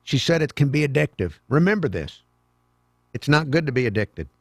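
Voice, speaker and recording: A man hosting a talk radio show, delivering a sarcastic, mocking monologue with sudden loud outbursts. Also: mid-range voice, big pitch swings, normal speed, slightly rough, dry recording, studio quality. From American South. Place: radio studio. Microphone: studio microphone.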